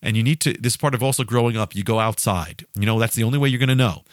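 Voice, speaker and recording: A man preaching in an emphatic, insistent way, circling back and asking his listeners questions. His voice sits at an ordinary middle pitch. The sound is dry and close, with no room behind it. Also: rapid-fire, no echo. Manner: emphatic, repetitive, often restarting phrases and asking the listener questions. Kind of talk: sermon.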